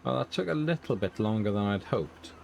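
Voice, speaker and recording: A man's voice: lowish voice, lively intonation, brisk, gravelly, darkish tone, highs cut off, slight background noise. A middle-aged man hosting a farming game let's play, chatting casually in a rambling, self-deprecating way. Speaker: gaming channel host.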